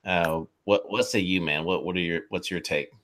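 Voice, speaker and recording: A man's voice: sits low, steady tone, normal speed, fairly bright tone. A man co-hosting a casual political chat, raising topics and asking questions in a wry way. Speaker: co-host.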